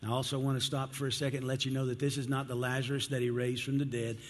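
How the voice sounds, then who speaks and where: A man's voice: mid-range voice, little pitch movement, racing. A male pastor preaching a sermon in an earnest, conversational way. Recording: long hall reverb.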